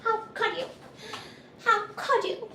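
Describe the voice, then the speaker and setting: A woman's voice: very high voice, steady tone, takes it slowly, echoey room, distant mic, noisy background, pitched above the performer's own voice. A woman voicing her indignant male house cat in a raised, dramatic tone of wounded protest.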